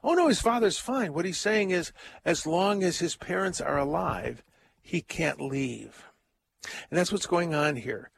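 A man delivers a homily as a priest, talking it through in an unscripted, halting way full of ums and restarts. His voice sits a little high and has a gravelly texture. A faint noise floor hums behind him. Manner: conversational, thinking aloud with frequent ums and restarts.

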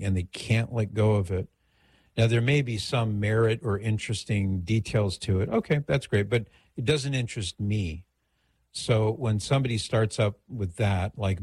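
A man's voice: on the low side, darkish tone, no echo. A middle-aged man hosting a radio call-in show, giving advice in a conversational, digressive way.

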